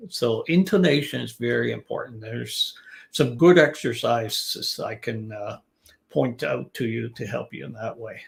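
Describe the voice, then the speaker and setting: A man teaching business English in a relaxed live-stream lesson, giving advice in a conversational way. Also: medium pitch, vocal fry.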